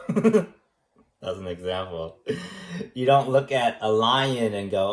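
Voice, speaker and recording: A man giving a rambling, joking recommendation speech as an art teacher, teasing in a deadpan way and tagging his points with questions. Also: medium pitch, takes it slowly, pauses often. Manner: teasing, deadpan, many fillers and tag questions. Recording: echoey room.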